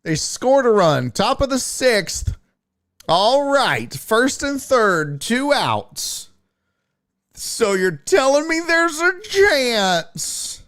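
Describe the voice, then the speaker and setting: Profane, animated sports-stream host. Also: male voice, medium pitch. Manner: profane, blunt, animated, mocking. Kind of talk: casual sports talk stream, reading chat.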